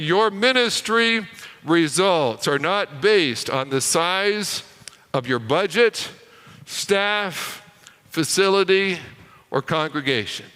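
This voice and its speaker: A man preaching a sermon, telling a story and dropping to a hush on key lines, with frequent repeated words. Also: a little high, clean tone. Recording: reverberant hall.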